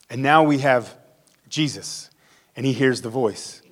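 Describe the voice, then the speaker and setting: A man's voice: mid-range voice, a little slow, husky. A male pastor giving a conversational sermon, acting out the quotes he reads.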